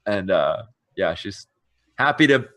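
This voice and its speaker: A man's voice: lowish voice, expressive, unhurried, sharp tone. A man playing a tabletop game, chatting and explaining rules at length. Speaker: player. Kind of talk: casual tabletop play.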